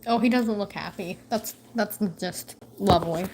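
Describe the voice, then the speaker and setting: A woman's voice: medium pitch, normal speed, a little mellow, a little hiss or hum. A woman vlogging at home in casual chat to camera, swearing and teasing her cat.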